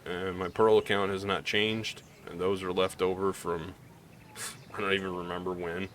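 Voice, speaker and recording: A man's voice: low voice, level tone, moderate pace, fairly bright tone, a little hiss or hum. A man from Missouri with a slight Southern drawl, talking candidly in a rambling gaming vlog, with many restarts. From Missouri, US Midwest. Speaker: gaming YouTuber. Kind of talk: casual gaming vlog commentary.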